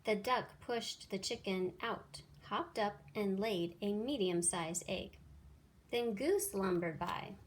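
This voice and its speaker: A woman teacher reading a children's picture book aloud with expressive storytelling. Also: mid-range voice, slow pace, slight background noise.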